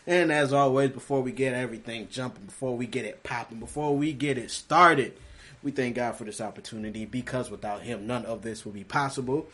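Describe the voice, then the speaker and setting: A man hosting a casual sneaker podcast in a recording studio, animated, swinging between loud bursts and low asides. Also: brisk. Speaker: podcast host. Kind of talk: casual chat. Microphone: studio microphone.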